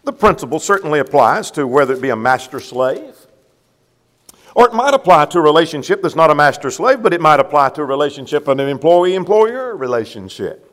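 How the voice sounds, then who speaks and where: A man's voice: on the high side, very animated, fairly quick, a bit bright, long reverb tail. A man preaching a sermon to a congregation, emphatic, repeating a refrain and putting questions to his listeners.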